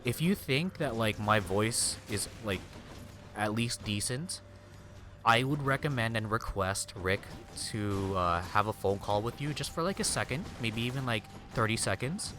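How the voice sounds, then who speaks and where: A man's voice: fairly low pitch, animated, measured pace, over music. A young adult man streaming a game, chatting casually with viewers in a rambling, slangy way. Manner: rambling, slangy, peppered with "dude" and "like". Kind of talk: casual gameplay chat.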